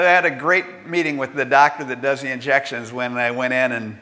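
Older male pastor, chatty sermon delivery with rhetorical questions; bright tone, church reverb. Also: mid-range voice, brisk, few pauses. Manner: conversational preaching with rhetorical questions and acted-out quotes.

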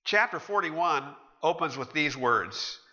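High, bright-voiced preacher in a reverberant hall. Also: male voice, takes it slowly. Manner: animated storytelling, acting out quoted characters. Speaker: pastor. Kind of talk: sermon. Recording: muffled, with long hall reverb.

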